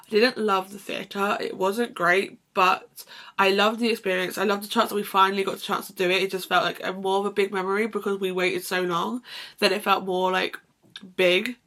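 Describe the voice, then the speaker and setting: A woman's voice: medium pitch, steady tone, brisk, fairly bright tone. A young woman chatting to camera in a casual vlog, rambling with many restarts and fillers. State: sneezing, slightly emotional. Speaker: lifestyle vlogger.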